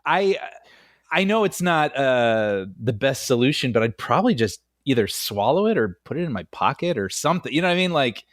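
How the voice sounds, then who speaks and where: A man co-hosting a casual film podcast, chatting loosely and breaking into laughter often. His pitch swings widely, and his voice sits close and dry on the mic with no room sound around it. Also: brisk, no echo. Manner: animated, laughs often while talking. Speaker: podcast co-host.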